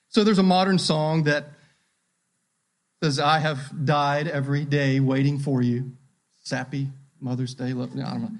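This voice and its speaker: A man's voice: on the high side, darkish tone. Emphatic man preaching a sermon. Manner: earnest, emphatic, repeats key phrases. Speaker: pastor.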